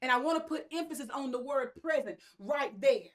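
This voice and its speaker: A woman's voice: sits high, expressive, fairly quick. A woman preaching a sermon, emphatic and repetitive, with asides to her congregation.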